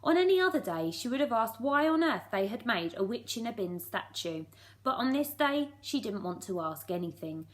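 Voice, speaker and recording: A woman's voice: fairly high pitch, sing-song, normal speed. A woman reading a storybook aloud. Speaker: primary school teacher.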